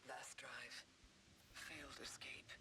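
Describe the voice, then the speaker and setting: A woman's voice: a bass voice, level tone, slow, husky, no room sound, exaggerated voice. A woman voicing a haunted figure's recorded log in a cryptic, eerie whisper, heard as distant game audio. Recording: game audio, far, under loud ambience.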